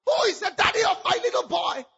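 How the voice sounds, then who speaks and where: A man preaching voices a despairing young single mother who wails and shouts her pleas. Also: very high voice, animated, quick pace, vocal fry, dull audio, pitched above the performer's own voice, full character voice.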